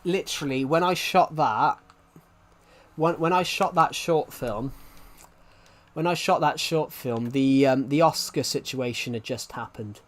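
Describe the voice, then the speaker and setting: A young game streamer with a mid-range voice talks at a measured pace. Chatting casually live while he plays, he rambles and keeps starting his sentences over.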